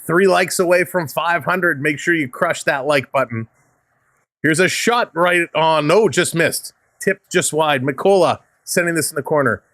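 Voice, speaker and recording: A Canadian man gives live hockey play-by-play on his stream, upbeat and chatty, thanking viewers by name between plays. His voice sits a little high for a man and sounds dry and close, with no room around it. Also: a little slow, a bit bright, no echo. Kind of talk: play-by-play commentary mixed with chat replies.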